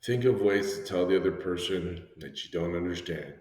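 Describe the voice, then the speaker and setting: A man's voice: low-pitched, moderate pace, darkish tone. A male teacher giving a classroom lesson, acting out short dialogues in shifting voices. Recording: echoey room with long reverb.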